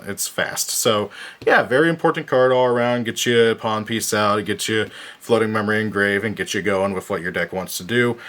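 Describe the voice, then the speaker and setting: A man's voice: fairly low pitch, fairly bright tone. Tired man rambling through a deck. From United States. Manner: rambling, frequent uh fillers and self-corrections. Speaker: card game deck reviewer. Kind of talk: casual deck profile talk.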